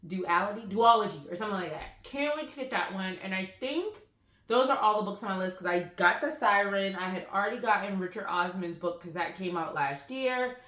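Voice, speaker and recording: A woman's voice: mid-range voice, a little fast. A woman vlogging about books she bought, chatting casually and telling rambling stories full of fillers, recorded on a phone. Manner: rambling, animated storytelling with frequent fillers. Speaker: book vlogger. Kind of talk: casual chatty book haul vlog. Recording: roomy echoey room.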